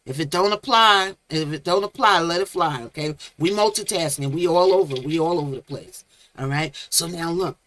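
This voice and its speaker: A woman's voice: lowish voice, moderate pace, a bit bright. A woman hosting a casual live stream, chatting with viewers by name and coining playful made-up words. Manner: chatty, reads chat names aloud, playful made-up words.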